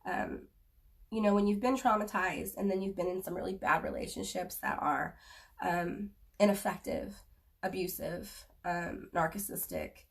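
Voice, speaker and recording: A woman giving a spoken tarot reading to viewers, earnest and halting, offering gentle reassurance. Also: fairly low pitch, animated, creaky, distant mic. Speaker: tarot reader.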